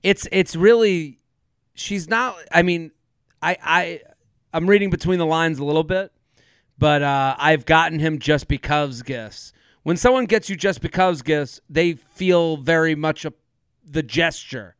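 A man co-hosting a podcast in casual chat, animated, laughing often and acting out quotes. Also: on the high side, measured pace, clean tone, dry recording, studio quality. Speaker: podcast co-host.

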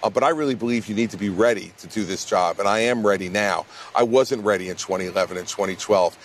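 A man's voice: on the low side, fast talker. A man, a presidential candidate answering questions in a blunt, emphatic way in a TV news interview. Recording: faint background noise.

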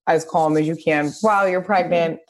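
A woman podcast host who tells a family story in a chatty, lively way with quick asides. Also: sits low. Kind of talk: casual podcast conversation.

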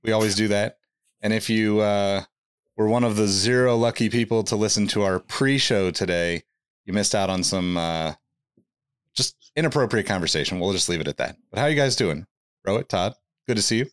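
A man hosting a casual podcast chat, easygoing and pausing often with fillers as he talks. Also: lowish voice, clear, resonant tone, no echo, studio quality. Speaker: podcast host.

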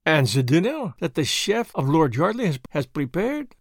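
Man putting on a detective, fussy, formal, excitable, lively pitch. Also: normal speed, dry recording, studio quality. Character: fussy foreign male detective, vain.

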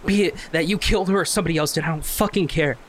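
A man's voice: a little high, a little slow, a little hiss or hum, natural voice. A man voicing a young man pursuing his sister's killer, intense and accusing.

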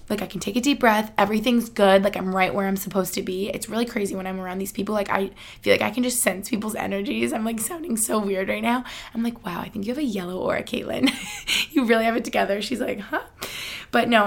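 Chatty young woman with vocal fry. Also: mid-range voice. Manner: chatty, upbeat, many "like" fillers, laughs often. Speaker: podcast host. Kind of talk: casual chat.

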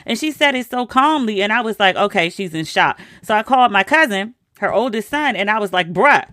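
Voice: medium pitch, fairly quick, sharp tone, no echo, studio quality. A host telling a personal story in a casual monologue, with wry, incredulous asides.

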